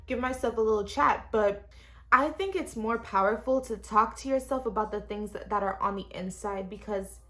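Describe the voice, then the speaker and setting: Speaking at a normal speed in a medium-pitched, fairly bright voice, a young woman vlogs casually from her small studio apartment. This lifestyle vlogger offers self-help talk frankly and directly, swearing now and then.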